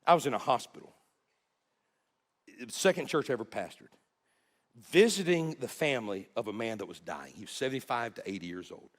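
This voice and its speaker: Male pastor, sermon storytelling, lively rising and falling pitch, earnest, halting repeats. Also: in a large hall.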